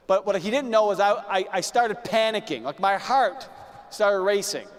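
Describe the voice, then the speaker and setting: A man's voice: sits high, moderate pace. A man giving a motivational business talk to a room, telling a personal story and repeating words as he goes. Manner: storytelling, repeats words, acts out his own past lines. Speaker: business speaker. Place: large room with live audience. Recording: long hall reverb.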